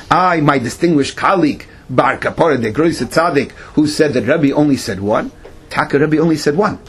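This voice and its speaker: A man with a Yeshivish English accent giving a Talmud class, explaining in a lively sing-song way and acting out the rabbis' back-and-forth. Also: a little high. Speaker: Talmud teacher.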